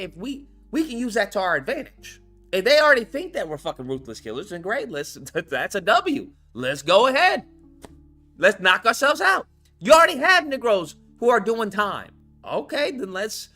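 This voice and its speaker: A man hosting a commentary channel, giving a blunt, profane, animated monologue. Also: high-pitched.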